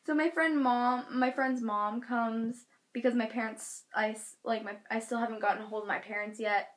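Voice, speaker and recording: A teenage girl telling a storytime vlog, animated, acting out quotes with loud shouted bursts. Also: fairly high pitch, normal speed. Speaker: vlogger.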